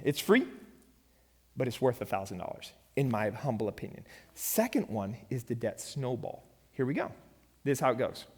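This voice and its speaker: A man, a pastor, teaching a church finance lesson in a lively storytelling way and quizzing his audience. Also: fairly high pitch. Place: church hall. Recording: long hall reverb.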